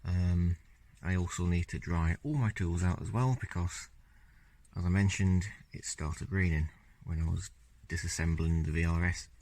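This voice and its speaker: A man talking casually through his car-repair video diary on a handheld phone camera, relaxed and rambling with lots of fillers. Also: low voice, moderate pace, no room sound. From Scotland.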